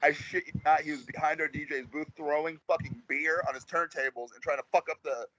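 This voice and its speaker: A man's voice: on the high side, steady tone, brisk, bright, forceful tone, highs cut off, a little hiss or hum. A man, a rapper guest, telling a rambling, slangy story in a casual interview over a video call.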